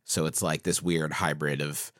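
A playful man co-hosting a podcast, often breaking into laughter mid-sentence. His voice sits at an ordinary middle pitch and is recorded dry and close. He is originally from West Virginia. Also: level tone, normal speed, a bit bright, dry recording. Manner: playful, laughs a lot, jokey. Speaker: podcast co-host. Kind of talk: casual podcast chat.

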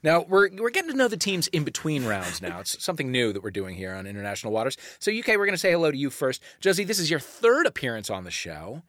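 A man's voice: medium pitch, wildly swooping pitch, quick pace, few pauses, a bit bright, no echo, clean studio sound. A man hosting a comedy quiz show, reading questions and joking with the panel, laughing often.

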